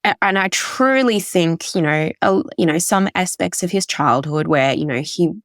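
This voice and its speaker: A woman's voice: fairly low pitch, animated, normal speed, dry recording, clean studio sound. A woman telling her personal story as a podcast guest, rambling and emotional with many fillers.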